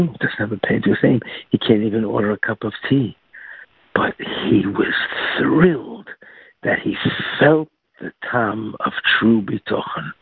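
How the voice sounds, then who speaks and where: A man telling a religious tale, halting, with frequent restarts and fillers. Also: on the low side, creaky, slightly rough, no room sound. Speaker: storyteller. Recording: tinny phone-like, dry recording.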